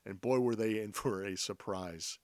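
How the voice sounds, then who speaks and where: A male pastor delivers an earnest sermon in a lowish voice. He reads scripture and explains it, slowing and sinking quietly on the weighty phrases. The recording is dry and close, with no room echo. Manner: earnest preaching, slowing and dropping low on key phrases.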